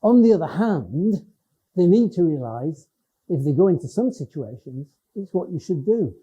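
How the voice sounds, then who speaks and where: A man's voice: fairly high pitch, sing-song, moderate pace, warm tone, husky. An older man with a Cumbrian northern English accent giving a conversational public lecture, often restarting his sentences. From Lake District, England. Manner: conversational, with frequent restarts and hesitations. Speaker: education professor giving a talk. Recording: dull lo-fi lecture recording.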